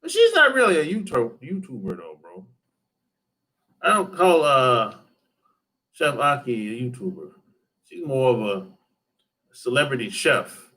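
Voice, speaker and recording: A man's voice: mid-range voice, wildly swooping pitch, a little slow, long pauses, bright, forceful tone. A man, chatting loosely with livestream viewers, rambling, repeating himself and swearing. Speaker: dating advice YouTuber. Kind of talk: casual livestream chat answering viewers. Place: home in Atlanta.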